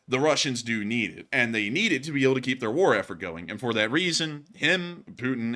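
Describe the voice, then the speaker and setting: Male commentator, bright forceful tone, casual and jokey, rambles with fillers. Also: medium pitch. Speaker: war news commentator.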